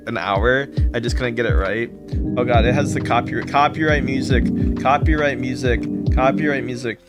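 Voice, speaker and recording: A man streaming a game live, chatting casually and greeting viewers by name with repeated thanks. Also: mid-range voice.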